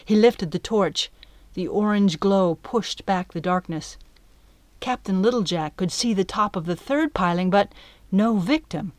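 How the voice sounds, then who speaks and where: A woman narrating an adventure story in a steady, measured audiobook reading. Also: medium pitch, no echo.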